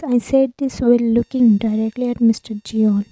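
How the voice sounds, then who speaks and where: A woman tells a romance story in the first person and reads everyone's lines herself. Her voice sits fairly high yet sounds dark and mellow, and she moves at a slow, careful pace. The recording is close and dry, with no room sound. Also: steady tone, dry recording, poor audio. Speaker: storyteller reading a fan fiction.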